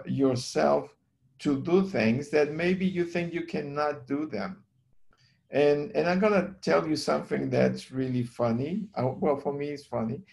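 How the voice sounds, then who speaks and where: Earnest man with a gravelly voice. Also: a little high, darkish tone. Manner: earnest, halting with repeated words. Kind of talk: casual storytelling on a call.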